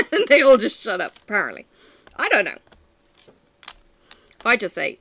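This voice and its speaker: A vlogger chats to her camera at home, animated and self-mocking as she tells stories, jumping between asides and punchlines. Her medium-pitched voice has a bright, forward tone with gravelly fry at phrase ends, and she's unhurried, pausing often.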